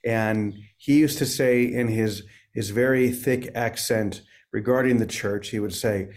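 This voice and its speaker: A man who is a priest and author, talking gently and reflectively about faith, with many small restarts. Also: fairly low pitch, fairly even intonation, unhurried, few pauses. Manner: gentle, searching, with frequent restarts. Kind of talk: reflective spiritual interview.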